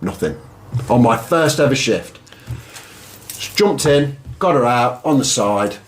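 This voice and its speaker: A man's voice: mid-range voice, expressive, a little slow, a little hiss or hum. A man with a Leicester accent, co-hosting a comedy podcast and telling rambling anecdotes full of crude jokes. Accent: Leicester English. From Leicester, England. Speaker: podcast co-host. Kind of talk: casual storytelling chat.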